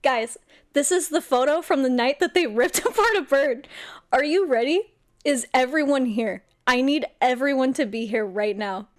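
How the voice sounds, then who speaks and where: A young woman streamer telling a story to her viewers in a casual, excitable way, swearing a lot. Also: sits high, normal speed.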